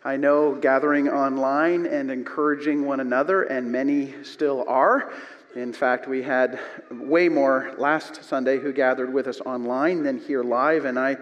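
A male pastor preaching a sermon to his congregation, telling stories with animated swings between loud and quiet. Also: medium pitch, measured pace, lo-fi sound. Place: church sanctuary. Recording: long reverb of a church hall.

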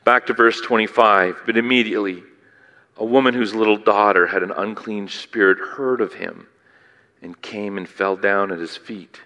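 Male preacher, bright pitched-up voice, dramatic delivery, long hall reverb. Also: normal speed. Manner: animated, theatrical, swings from loud to hushed; asks the listeners questions. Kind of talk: sermon.

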